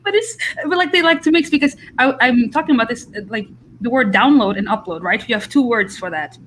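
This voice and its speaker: A woman's voice: a little high, expressive, a little fast, fairly bright tone, a little hiss or hum, rough recording. A woman who speaks several languages, chatting animatedly on a video call and laughing often. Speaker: book channel creator. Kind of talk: casual group video call discussion.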